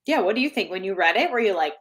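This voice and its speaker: A woman co-hosting a casual live-stream chat, chatty and thinking out loud. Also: medium pitch, lively intonation, rapid-fire. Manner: chatty, searches for words aloud, uses fillers. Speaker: co-host.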